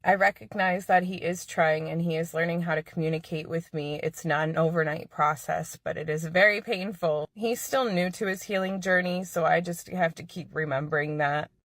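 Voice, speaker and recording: Earnest female storyteller, bright tone. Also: fairly low pitch, fairly even intonation, normal speed, hardly any pauses, dry recording, studio quality. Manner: earnest, confiding. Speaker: social media storyteller. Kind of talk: personal storytelling.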